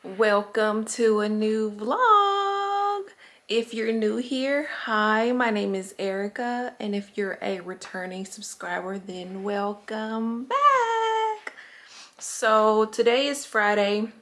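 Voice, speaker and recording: A woman's voice: a little high, animated, slow pace, fairly bright tone. A young woman, chatting casually in a home vlog, rambling and correcting herself as she goes. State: slightly out of breath. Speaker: vlogger. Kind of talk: casual chat.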